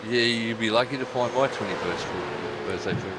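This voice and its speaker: A man's voice: medium pitch, fairly quick, heavy background noise. A man chatting as a guest in an easygoing, plain-spoken way. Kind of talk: casual chat.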